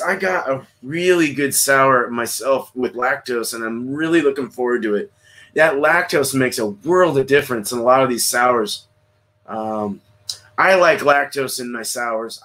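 A man's voice: mid-range voice, fairly bright tone. A man hosting a solo beer livestream, his voice right in the middle of the range for a man. He talks in a loose, rambling way to his chat, tripping over and repeating words. He drops a casual curse here and there, recorded on a computer mic. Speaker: beer review livestream host.

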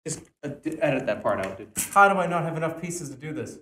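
A man streaming casually, building a toy train set, swearing and breaking into sudden loud outbursts. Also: fairly high pitch, sing-song, fast talker, far from the mic, a little hiss or hum. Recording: echoey room.

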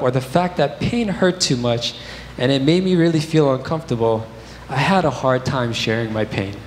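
A young man preaching a sermon, candid and conversational, telling personal stories with casual fillers. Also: on the high side. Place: church sanctuary. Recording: echoey church hall with faint noise.

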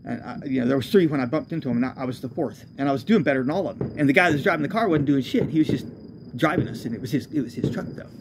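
A man's voice: medium pitch, very fast, noisy background. A man, a homeless traveler, telling his own road story in a loose, profane, self-correcting way. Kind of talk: rambling spoken storytelling.

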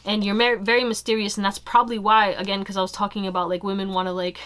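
A young woman giving a casual pick-a-card tarot reading, chatty and animated, full of fillers and asides to her viewers. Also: medium pitch, fast talker, clear, resonant tone. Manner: chatty, animated, fillers like "you know" and "y'all". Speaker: tarot reader.

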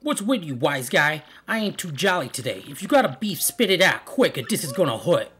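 A man's voice: on the high side, very animated, brisk, bright, forceful tone, slightly rough, exaggerated voice. A man voicing a menacing male mob thug in a put-on Italian mobster accent, sneering and threatening.

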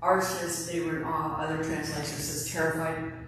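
A woman preaching a sermon in a relaxed, conversational way, now and then acting out quoted lines. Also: low-pitched, normal speed, slight background noise. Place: large echoey church. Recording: echoey church from far off.

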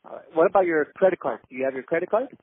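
Husky, fast-talking man on a phone line. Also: fairly high pitch, expressive, no echo. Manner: polite, hesitant, stifling laughter. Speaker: scam caller.

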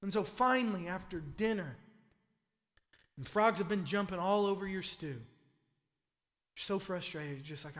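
A man pastor preaching a sermon, telling a vivid story in the second person and swinging between loud and hushed. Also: high-pitched, normal speed, pauses often, long reverb tail. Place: church sanctuary.

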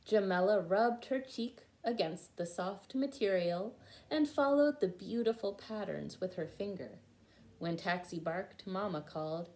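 A woman reads a children's picture book aloud at an unhurried pace, pausing to explain words to young listeners. Her voice sits at a middle pitch, and her delivery is patient and clear. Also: a little mellow. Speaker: storyteller for children. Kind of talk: children's read-aloud with word lessons.

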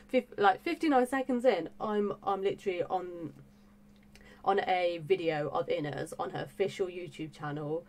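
Gushing and breathless, a woman who runs a music reaction YouTube channel talks about it in an excited, casual vlog, packed with fillers and repeated exclamations. She has a medium-pitched voice with a darkish tone.

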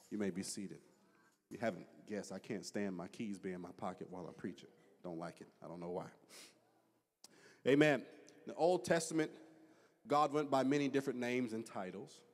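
A man preaching a sermon as pastor, drawing out scripture slowly and rising into fervent, loud prayer. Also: fairly low pitch. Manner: slow, drawn-out scripture reading. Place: church sanctuary. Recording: long church hall reverb.

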